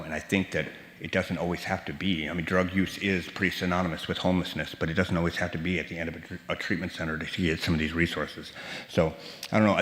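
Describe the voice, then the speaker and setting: A man with a very deep, flat, level voice speaks earnestly and a little rambling. The sound is roomy and echoing, and a long church reverb trails after his words. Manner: earnest, rambling, with frequent you-knows. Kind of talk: memorial remembrance. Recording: echoey church hall over speakers.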